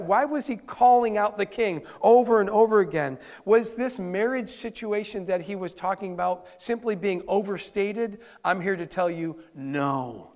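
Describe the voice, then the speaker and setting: A male pastor delivering a conversational sermon, repeating key points for emphasis. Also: high-pitched. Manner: conversational preaching with emphatic repetition. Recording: reverberant hall.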